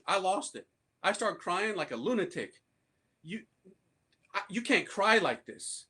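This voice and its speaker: A man from the United States, a priest, giving a casual and animated conversion testimony to an audience in slangy speech. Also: high-pitched, normal speed, pauses often, breathy edge.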